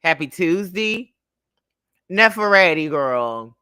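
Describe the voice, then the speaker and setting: Sassy, animated young man livestreaming. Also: sits high, slow pace, smooth, no room sound, studio quality. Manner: animated, sassy, chatty, greets viewers. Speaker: livestream host. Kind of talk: casual livestream storytelling.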